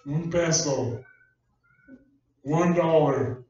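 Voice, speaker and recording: High-voiced preaching man in an echoey church. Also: extremely slow, warm tone. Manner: conversational storytelling preaching, folksy. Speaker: pastor. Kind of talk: sermon. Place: church hall. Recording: distant echoey church recording, dull sound.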